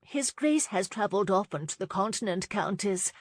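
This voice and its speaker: A woman's voice: mid-range voice, lively intonation, moderate pace, no echo, studio quality, natural voice. A woman voicing a chirpy, fussy society hostess who keeps matchmaking.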